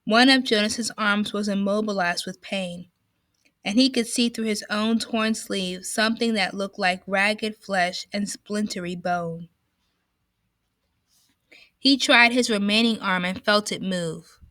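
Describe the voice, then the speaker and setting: A woman reading a novel aloud in a slow, careful way, with a few small slips. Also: medium pitch, fairly bright tone, no echo.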